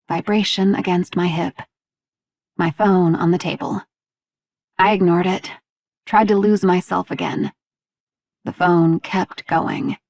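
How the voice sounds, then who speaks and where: A woman's voice: mid-range voice, vocal fry, darkish tone, dry recording, studio quality. A woman narrating an audiobook, reading the dialogue with small shifts between characters. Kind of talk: scripted narration.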